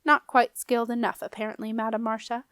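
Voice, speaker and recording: A woman's voice: fairly high pitch, little pitch movement, fast, a bit bright, dry recording, studio quality, natural voice. A woman voicing a fussy, indignant woman head clerk in a storybook reading, with a prim manner.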